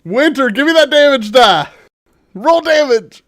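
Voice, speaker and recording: A man running a tabletop game as dungeon master, lively and laughing often. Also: very high voice, a little slow.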